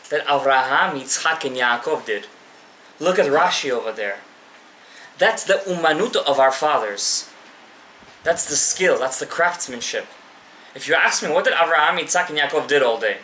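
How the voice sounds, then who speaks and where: A man delivers a fervent Torah lesson, speaking straight to his audience and dropping Hebrew terms into his talk. His voice is bright and his pitch leaps and falls with feeling. The recording is roomy with a faint murmur behind. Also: a little hiss or hum. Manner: impassioned, addresses listeners directly, mixes in Hebrew terms. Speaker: rabbi. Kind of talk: live Torah class to an audience.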